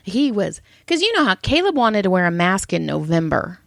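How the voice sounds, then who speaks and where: A woman's voice: medium pitch, moderate pace, gravelly, dry recording. A middle-aged woman co-hosting a casual podcast, telling a long story and jumping into everyone's voices as she goes. She sits close to the mic in a dry, dead room, her voice in a middle range. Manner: animated storytelling, acts out quotes. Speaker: podcast co-host. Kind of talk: casual chat.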